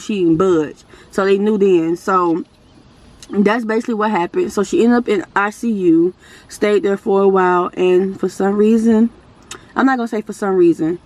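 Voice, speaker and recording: A woman's voice: medium pitch, darkish tone. A woman vlogger giving a casual update to her viewers. She rambles earnestly with restarts, calls them y'all, and speaks with religious conviction.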